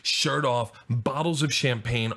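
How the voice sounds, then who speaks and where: A middle-aged man spins a wild comic anecdote as a podcast guest. He talks in quick, animated bursts, laughing along, in an ordinary mid-range voice. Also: medium pitch. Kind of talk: comic storytelling.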